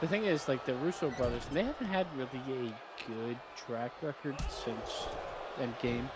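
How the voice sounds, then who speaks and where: A man chatting casually over a video game session, opinionated and quick to laugh, swearing freely. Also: mid-range voice, background noise. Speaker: co-host, gamer. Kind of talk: casual banter over gameplay.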